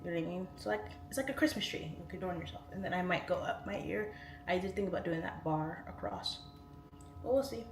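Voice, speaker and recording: A woman with a lowish voice and vocal fry talks quickly while hosting a casual livestream from home on a phone turned on its side. She rambles chattily and reads viewer comments aloud in an echoey room with faint music and slight background noise.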